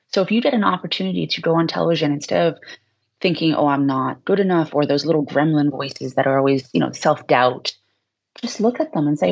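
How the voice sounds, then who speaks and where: Low-pitched boston woman giving steady pep talk advice, kinda muffled lo-fi audio. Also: gravelly. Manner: encouraging, measured advice. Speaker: guest. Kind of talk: podcast interview.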